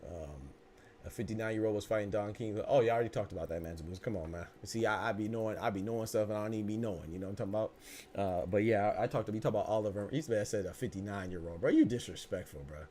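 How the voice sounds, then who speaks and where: A man's voice: lowish voice, fast, dark tone, slight background noise. A man hosting a live boxing podcast, reading chat comments and joking around with loose, profane mock anger and speech.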